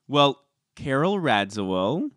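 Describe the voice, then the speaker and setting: A man's voice: medium pitch, sing-song, takes it slowly, a bit bright, no echo. A man co-hosting a podcast, chatting casually about celebrity gossip and reading quotes aloud. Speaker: podcast co-host. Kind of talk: casual chat.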